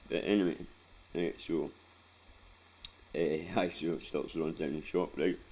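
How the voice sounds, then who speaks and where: A man's voice: extremely low pitch, steady tone, unhurried, warm tone, slightly rough, poor audio. A Scottish man in his forties telling rambling, sweary stories about his life in a casual vlog, laughing often as he goes. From Scotland. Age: 40s. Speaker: vlogger. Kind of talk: casual storytelling.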